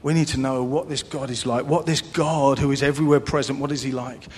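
A man's voice: fairly even intonation, fairly quick. A man preaching a sermon as pastor, earnest, with a repetitive cadence. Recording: long reverb, faint rumble.

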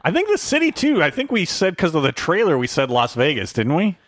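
A man co-hosting a casual movie review chat, emphatic and expressive. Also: a little high, no room sound. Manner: expressive, emphatic, quick reactions. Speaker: podcast co-host.

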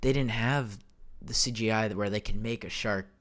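Young male solo podcast host, lowish voice, loose and rambling, lots of ums and restarts, desk mic at home. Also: moderate pace, fairly bright tone. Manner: rambling, many fillers and self-corrections. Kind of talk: casual solo podcast chat. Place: home room. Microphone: desk microphone.

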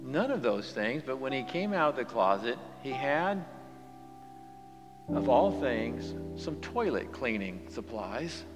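A male pastor delivering a sermon, swinging from hushed, near-whispered storytelling to loud, rising exhortation in a church. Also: medium pitch, very animated, slow. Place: church sanctuary. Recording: long church reverb with music behind. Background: guitar music.

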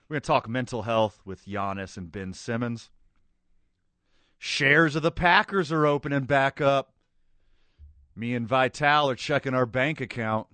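A man's voice: medium pitch, unhurried, pauses often, sharp tone, no room sound. A man hosting a sports radio show, joking and bantering with his co-host. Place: radio studio. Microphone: studio microphone.

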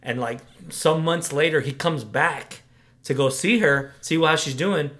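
A young man recaps a strange horror movie with lots of swearing and growing excitement. His voice sits a little high for a man. This is loose, casual podcast chat among friends. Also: measured pace. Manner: excitable, profane, animated storytelling. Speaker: podcast co-host.

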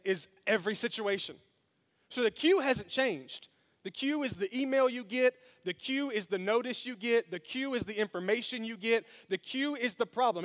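High-voiced, animated preaching man. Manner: animated storytelling with humor, addressing the congregation. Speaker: pastor. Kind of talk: sermon. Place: church sanctuary.

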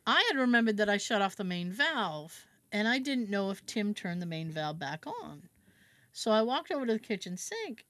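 A woman's voice: medium pitch, a bit bright, no echo. A woman co-hosting a podcast, animatedly telling a personal anecdote in casual chat and swearing freely. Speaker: podcast co-host.

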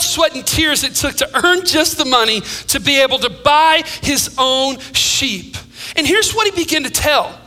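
A male pastor preaches to his congregation, his voice very high and piercingly bright. He rises in emphasis and then falls to near-whispers with a sing-song lilt, and the sound rings with a long reverb. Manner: dynamic preaching, drops to hushed tones, sing-song phrasing. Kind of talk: sermon. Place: church sanctuary.

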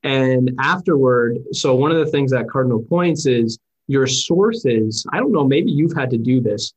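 A man hosting an interview, telling anecdotes in a chatty, animated way. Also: mid-range voice, unhurried, slightly rough, rough recording. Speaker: podcast host and former sports reporter. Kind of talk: casual interview chat with storytelling.

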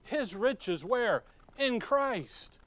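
Folksy pastor mid-sermon, fairly high voice, dry close sound, questions the pews. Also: male voice, sing-song, extremely slow, fairly bright tone, no echo. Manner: folksy, asks the congregation questions and chuckles.

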